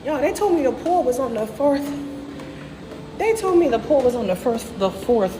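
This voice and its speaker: A woman's voice: sits high, sing-song, moderate pace, music in the background. A woman hosting a casual travel livestream from her phone, chatting to viewers as she walks and swearing casually. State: out of breath. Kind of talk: casual livestream chat while walking.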